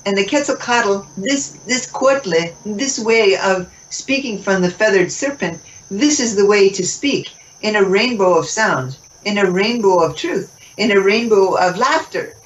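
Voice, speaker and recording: Woman guest, expressive spiritual teacher, laughs a lot; recorded from afar, muffled. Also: mid-range voice, a little slow, few pauses. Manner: expressive, laughs often, acts out dialogue. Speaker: interview guest. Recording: distant mic, muffled, faint noise.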